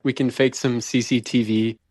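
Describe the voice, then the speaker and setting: A man's voice: medium pitch, level tone, normal speed, darkish tone, no echo. Laid-back male podcast co-host, dry sound. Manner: laid-back, many "like" and "kinda" fillers. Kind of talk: casual chat.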